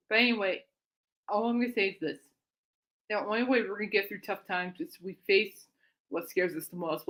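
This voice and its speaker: A woman's voice: mid-range voice, fairly bright tone. A woman hosting her own music chat show, rambling in a casual monologue and often laughing and getting sidetracked. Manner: chatty, self-deprecating, easily sidetracked.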